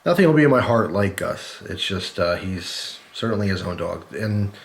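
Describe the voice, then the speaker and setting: Lower-voiced male host, casual and jokey, reading viewer cards to camera. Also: lively intonation, normal speed, creaky, slight background noise. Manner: chatty, jokey, thanks readers warmly. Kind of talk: casual chat.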